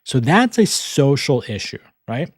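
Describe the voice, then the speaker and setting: A man's voice: mid-range voice, big pitch swings, a little slow, no echo, clean studio sound. A man from the American South hosting a podcast, answering listener questions in a casual, rambling way with frequent chuckles. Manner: rambling, chuckles often, self-deprecating asides.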